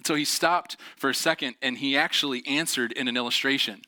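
A man giving a motivational talk, telling personal stories in an animated, earnest way and laughing often. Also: medium pitch, fairly quick, no echo, studio quality. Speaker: speaker.

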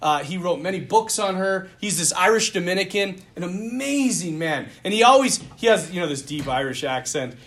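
A young male priest preaching a sermon in an animated, self-deprecating way, often laughing at himself. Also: sits high, moderate pace, few pauses.

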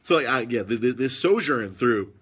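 A man telling stories in casual podcast chat, animated, with husky tone. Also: mid-range voice, moderate pace, background noise. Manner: animated storytelling with put-on quoted voices.

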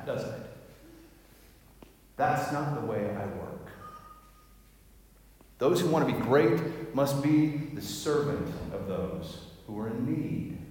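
A man preaching a sermon as pastor, telling the story with lively acted-out voices. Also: mid-range voice. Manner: animated storytelling, acting out quoted voices. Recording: echoey hall, heard from a distance.

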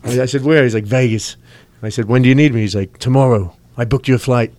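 A man telling a story on a casual podcast, quick, swearing, and acting out the lines people said to him. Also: mid-range voice, fairly even intonation, darkish tone, no room sound. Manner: rapid, swearing anecdotes with quoted dialogue. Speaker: DJ guest.

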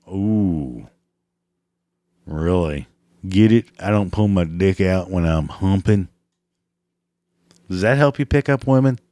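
A man's voice: deep voice, lively intonation, takes it slowly, pauses often, mellow, no echo, clean studio sound. A man delivering a crude, exasperated comedic rant, laughing at his own jokes, his voice cracking. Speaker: comedic ranter.

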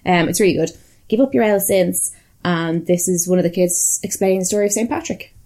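A woman's voice: on the low side, fairly quick, warm tone. An Irish woman co-hosting a podcast, telling stories in a chatty, swearing way. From Ireland. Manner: chatty and profane, storytelling. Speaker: podcast co-host. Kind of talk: casual chat.

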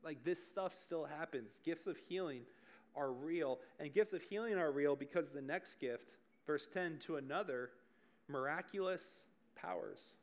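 A man in his thirties preaching a casual sermon to a group, telling stories in a chatty, animated way and often laughing at himself. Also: on the high side, measured pace. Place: church service in front of a group.

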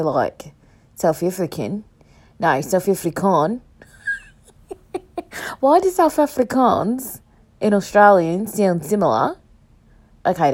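A woman's voice: mid-range voice, darkish tone. A young woman hosting a solo podcast, rambling and joking at herself as her thoughts jump around. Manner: rambling, jokey, self-mocking, jumps between thoughts. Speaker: podcast host. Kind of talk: solo casual chat podcast.

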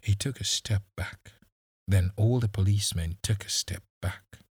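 Male audiobook narrator, low husky voice, slow and dry, measured dramatic delivery. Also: darkish tone, no room sound.

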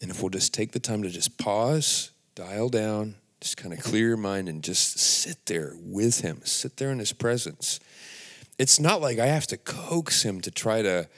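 Earnest male devotional speaker, low-pitched, casual and halting, full of restarts. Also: lively intonation, fairly bright tone. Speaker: Christian speaker.

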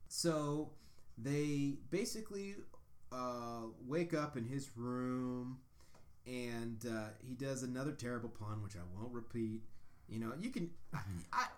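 A man's voice: mid-range voice, takes it slowly. Sarcastic man riffing on a bad movie. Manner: sarcastic, animated storytelling. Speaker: podcast co-host. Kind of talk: casual movie-review chat. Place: home basement studio.

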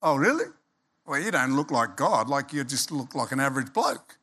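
A man preaching a sermon as pastor, animated and emphatic, acting out quoted voices. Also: medium pitch, moderate pace, breathy edge.

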